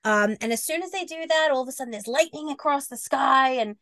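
A woman with a fairly high voice, recorded close and dry with no room sound. She co-hosts a podcast and tells a goofy story in animated casual chat. She fills it with um and you know, and jumps into character voices. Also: a little fast, no echo. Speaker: podcast co-host.

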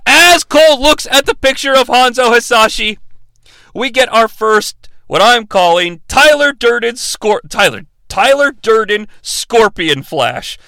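A man's voice: very high voice, lively intonation, a little slow, creaky, pushed and bright, no echo. A young adult man hosting a sarcastic, profane comedic movie recap. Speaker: movie reviewer, host.

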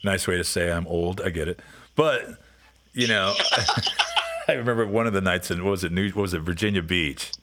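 A man's voice: low voice, normal speed, heavy background noise. A man hosting a casual podcast chat, telling long rambling stories and acting out what people said. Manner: rambling storyteller, acts out quotes. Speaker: podcast host.

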